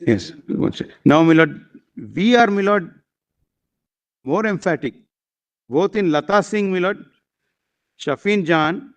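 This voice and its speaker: A man argues before a court bench, reading out passages in a formal, deferential cadence. He repeats "my lord" constantly and stumbles through fillers. His voice sits high for a man. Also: unhurried, pauses often, dull audio. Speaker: advocate arguing before a bench. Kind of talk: courtroom argument.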